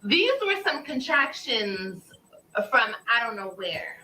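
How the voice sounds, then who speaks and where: A young woman vlogger telling her story to viewers in a drawn-out, animated way. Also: a little high, reverberant, low-quality recording.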